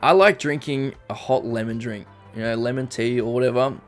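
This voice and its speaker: Brisk and steady, a young Australian man's mid-range voice wanders through casual live stream chatter, punctuated by frequent ums and chat messages read out loud. Faint music plays in the background.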